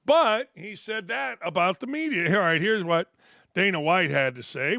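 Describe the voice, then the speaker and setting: A man's voice: high-pitched, sharp tone, no echo. An older man hosting a sports talk show, giving blunt, mocking opinions with rambling asides on a studio mic. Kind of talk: opinionated commentary.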